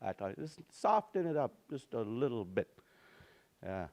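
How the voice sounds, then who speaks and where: A man teaching a language lesson in a relaxed, easygoing way, slowly repeating words for practice and often restarting his sentences. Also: mid-range voice. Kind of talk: informal spoken language lesson.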